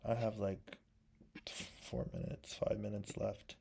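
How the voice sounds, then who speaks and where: A young man with a low, gravelly voice talks casually while painting. He rambles and reminisces, scattering fillers. His throat is sore. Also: flat delivery, takes it slowly, warm tone. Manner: rambling and nostalgic, full of "like" and "um". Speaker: vlogger.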